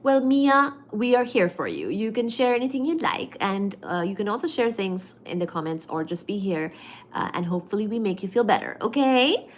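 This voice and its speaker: A woman's voice: mid-range voice, sing-song, normal speed. A woman hosting a casual livestream at home, reading viewer comments aloud and thanking them effusively, with lots of fillers. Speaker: livestream host.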